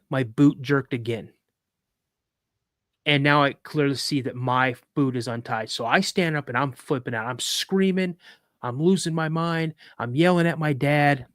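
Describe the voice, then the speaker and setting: A man's voice: fairly high pitch, measured pace, dry recording, studio quality. Man telling a story animatedly. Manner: animated, vivid retelling with restarts. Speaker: podcast host. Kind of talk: live podcast storytelling.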